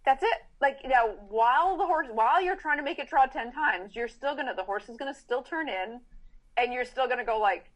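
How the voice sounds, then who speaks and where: A middle-aged woman who trains horses talks it through on a podcast, lively and animated, slipping in quick asides in other people's voices. Her voice sits a touch higher than most. The talk stays casual and explanatory throughout. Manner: animated, acts out riders' thoughts in quick asides.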